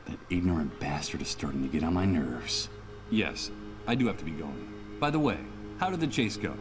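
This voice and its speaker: A sardonic video game hero with a very low voice that rises and falls expressively. Game music plays clearly behind him. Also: male voice, big pitch swings, a little fast. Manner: wry, sardonic. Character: sardonic troubled man, protagonist. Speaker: game protagonist. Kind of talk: video game voice acting, inner monologue.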